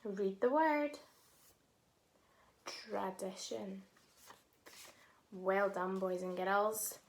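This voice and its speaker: A woman teaching a phonics lesson to young children, sounding out words syllable by syllable and praising them warmly. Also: mid-range voice, lively intonation, very slow.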